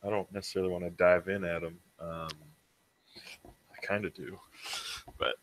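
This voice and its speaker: A man playing a tabletop game who thinks aloud hesitantly, with many pauses and ums. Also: sits low, little pitch movement, low-quality recording. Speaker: player.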